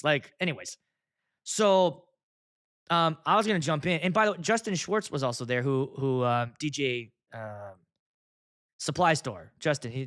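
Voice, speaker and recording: A man's voice: fairly high pitch, bright, forceful tone. A man, a DJ hosting his own show, telling a rambling, profane story. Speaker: DJ and show host. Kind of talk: casual storytelling vlog.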